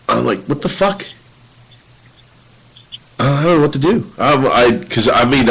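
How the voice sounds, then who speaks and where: A man hosting a casual podcast chat, telling an excitable, swearing story and acting out his own reactions. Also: mid-range voice, husky, rough recording. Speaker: podcast host.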